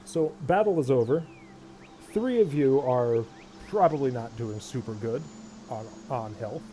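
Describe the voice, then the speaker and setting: A man's voice: mid-range voice, expressive, a little slow, warm tone, breathy edge. A man acting as dungeon master, narrating a tabletop game in a playful way and laughing at his own descriptions. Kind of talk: running a tabletop game over voice chat.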